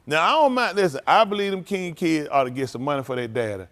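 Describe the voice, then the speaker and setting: A man giving loose, animated commentary at a livestreamed service, laughing often. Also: a little high, fast talker. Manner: animated, laughing, preachy street talk. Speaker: preacher.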